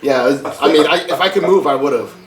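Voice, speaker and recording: A man's voice: fairly high pitch, brisk, recorded from a distance. Profane man telling hospital stories. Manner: profane, animated storyteller who acts out quoted people. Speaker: podcast guest. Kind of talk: casual storytelling chat. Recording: roomy, off-mic with loud music behind.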